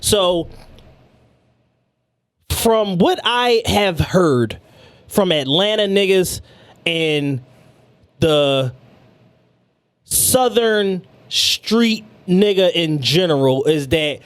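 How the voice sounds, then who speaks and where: A man co-hosting a podcast in casual chat, making his argument in a measured, point-by-point way. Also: high voice, animated, clear, resonant tone. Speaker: podcast co-host.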